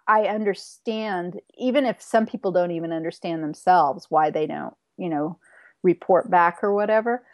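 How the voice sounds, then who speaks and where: A woman guest on a spiritual interview show, a healer speaking in a measured, agreeable way with frequent affirmations. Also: fairly low pitch, no echo. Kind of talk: interview conversation.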